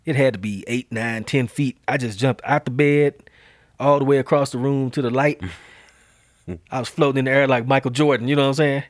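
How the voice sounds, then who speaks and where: A man hosting a podcast, telling a story in a lively, slang-heavy way and acting out the quotes. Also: mid-range voice, a little fast, no echo, clean studio sound. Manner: animated, slangy storyteller who acts out quotes. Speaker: podcast host. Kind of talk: casual storytelling chat.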